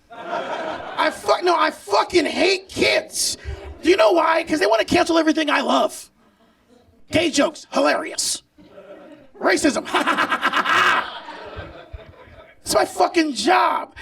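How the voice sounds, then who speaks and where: A brash male stand-up comic working a live stage, loud and profane, often laughing at his own material. His voice sits very high with a gravelly edge. He sounds set back from the mic. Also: dry recording, far from the mic. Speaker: stand-up comedian. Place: comedy stage before a live audience.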